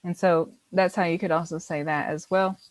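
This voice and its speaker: Low-voiced patient woman teaching a class. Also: fairly even intonation, moderate pace, dry recording, low-quality recording. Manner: patient, encouraging, explains step by step. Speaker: language teacher. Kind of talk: online language class.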